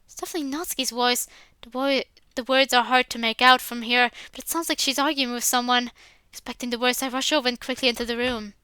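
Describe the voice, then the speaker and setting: A woman's voice: on the high side, steady tone, quick pace, few pauses, pushed and bright, smooth. A woman reading a visual novel aloud in the first person, adding casual asides with filler words.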